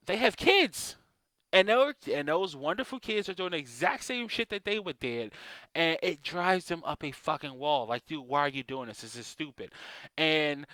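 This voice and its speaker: Exasperated man ranting, bright and dry. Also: a little high, no echo. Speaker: vlogger. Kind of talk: casual ranting monologue.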